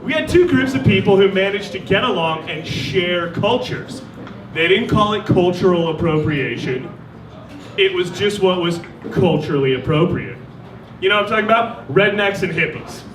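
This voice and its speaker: A man doing a stand-up comedy set on a stage mic, with a wry deadpan delivery and mock voices for the people he quotes. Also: high voice, normal speed, distant mic, noisy background. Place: live comedy venue. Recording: roomy live venue with crowd. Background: audience laughter.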